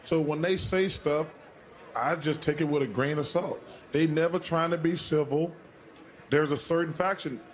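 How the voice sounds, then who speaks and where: A man's voice: fairly high pitch, normal speed. A man on a TV studio panel, talking bluntly and cutting in to get his word in. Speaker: TV studio analyst. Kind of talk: television studio panel talk.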